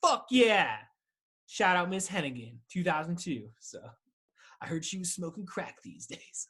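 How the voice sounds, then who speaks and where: A podcast host in his thirties, stoned and alone on his show, rambles in a loose, profane way over a video call, laughing and talking back to himself. His voice sits high and is very animated, a bit bright and husky, at a moderate pace.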